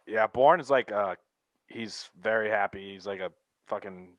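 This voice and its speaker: Sports talk co-host: a man with a fairly low voice, blunt and dismissive, in a dry, close sound. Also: moderate pace, dry recording, dull audio.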